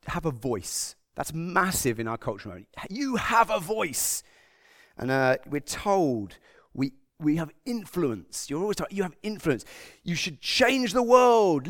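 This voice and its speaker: A man from Britain giving a conversational sermon, acting out quotes as he goes. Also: mid-range voice. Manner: conversational, animated, acts out quotes. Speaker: preacher.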